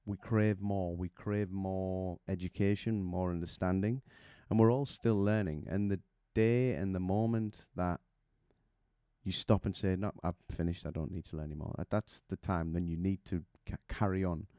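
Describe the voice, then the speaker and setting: Man, vocal coach; deep smooth voice, dry close sound, teaching with vivid imagery. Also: fairly even intonation, a little slow, dark tone, no room sound. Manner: explains with images and rhetorical questions. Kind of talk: vocal technique lesson.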